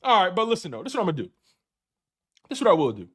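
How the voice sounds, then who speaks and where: A man hosting a sports show in a live post-game rant, excited and laughing, repeating phrases and using slang, with a Philadelphia accent. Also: high-pitched, very fast, slightly rough.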